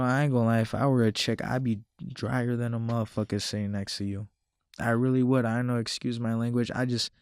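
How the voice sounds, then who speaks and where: A man's voice: medium pitch, creaky, no room sound, studio quality. A man talking casually to camera, slangy and profane, repeating himself and mocking others in quoted asides. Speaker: self-improvement commentator.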